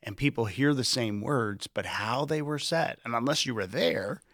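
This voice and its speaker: A man hosts a casual group discussion, reflecting aloud and acting out quoted lines in shifting tones. His mid-range voice is a bit bright and moderately paced, with clean studio sound and no room sound.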